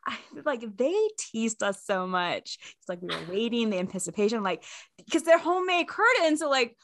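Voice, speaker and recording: A young woman co-hosting a fan podcast, telling animated stories in casual chat and laughing often. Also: on the high side, moderate pace, dry recording, studio quality. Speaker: podcast co-host.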